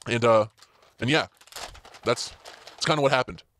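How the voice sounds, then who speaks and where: A man's voice: medium pitch, moderate pace, a bit bright, a little hiss or hum. A man hosting a casual solo podcast from inside a parked car, rambling along with plenty of fillers and restarts. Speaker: podcast host.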